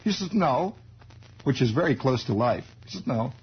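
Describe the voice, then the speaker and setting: A man's voice: medium pitch, expressive, quick pace, husky. An American man in his forties, hosting a radio show with a rambling, wry storytelling monologue full of asides, heard on a dull archival recording. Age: 40s. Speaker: radio host.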